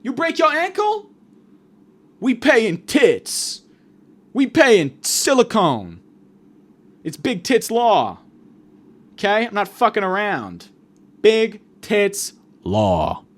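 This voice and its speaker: A man putting on a booming male ad announcer who hammers every line in a shouted hard sell. The voice sits high and swings wildly in pitch. He sounds pushy and relentless. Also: wildly swooping pitch, slow pace, pauses often, exaggerated voice. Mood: hyped. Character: loud hyped male ad pitchman.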